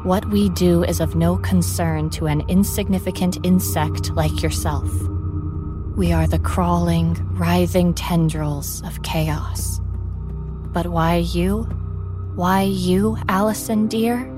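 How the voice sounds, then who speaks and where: A woman's voice: fairly low pitch, fairly even intonation, slow, over music. A woman voicing a cruel, inhuman female entity who mocks her victim in a sing-song, taunting way, in a horror story reading. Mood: cold mocking. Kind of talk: scripted horror narration.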